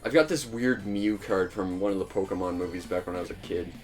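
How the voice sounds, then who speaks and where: Low-voiced young man chatting over gameplay. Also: steady tone, a little fast, darkish tone, soft background music. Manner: laughs often, rambling with restarts. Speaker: let's play host. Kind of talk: casual gaming chat.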